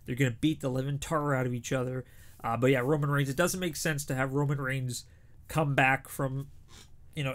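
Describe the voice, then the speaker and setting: A young man giving casual, opinionated predictions as a show host, chatty with frequent restarts. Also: fairly high pitch.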